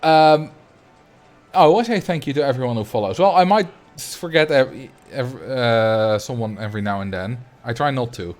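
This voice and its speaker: A man with a Dutch accent chatting casually while he livestreams a game, rambling and thinking out loud at a desk mic. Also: mid-range voice, lively intonation, moderate pace, soft background music. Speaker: streamer.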